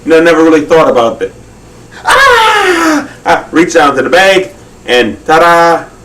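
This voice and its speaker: A man's voice: on the high side, brisk, fairly bright tone, far from the mic, low-quality recording. A man hosting a children's magic show, talking viewers through his tricks in a friendly, instructive way.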